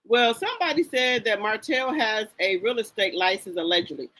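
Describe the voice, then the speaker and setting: A woman's voice: mid-range voice, expressive, normal speed, fairly bright tone, rough recording. A woman hosting a live stream, chatting casually about gossip and greeting viewers by name in a sassy, chatty way. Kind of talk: casual gossip commentary, reading chat aloud.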